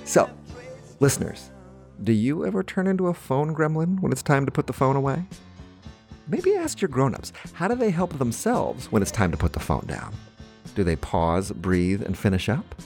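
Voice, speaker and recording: A man's voice: medium pitch, big pitch swings, moderate pace, darkish tone, faint music behind. A man hosting a children's audio show, friendly and encouraging, speaking straight to the young listeners. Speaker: host.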